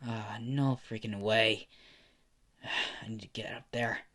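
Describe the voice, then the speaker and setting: A man's voice: fairly low pitch, fairly even intonation, slow pace, a bit bright. A man doing a cocky teen boy hero. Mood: worried. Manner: cocky, casual.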